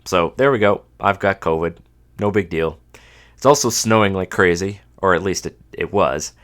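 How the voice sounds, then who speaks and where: Male podcast host, 30s, from Canada, very low voice, congested, wry casual monologue. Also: normal speed, fairly bright tone. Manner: dry, self-mocking humor. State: stuffed up from a cold.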